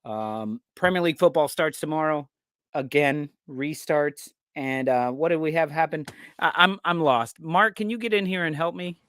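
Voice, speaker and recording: Casting: American man as live-show host, a bit high-voiced, loose and chatty, dry close sound. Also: normal speed, a bit bright, clear, resonant tone, no echo. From United States. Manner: laid-back, rambling, reads out viewer comments. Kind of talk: casual live-stream chat.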